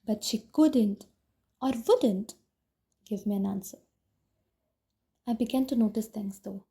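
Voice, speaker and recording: A woman narrating a novel in the first person, with a steady, reflective storytelling manner. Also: medium pitch, measured pace, creaky, husky. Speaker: audiobook narrator. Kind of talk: first-person audiobook reading.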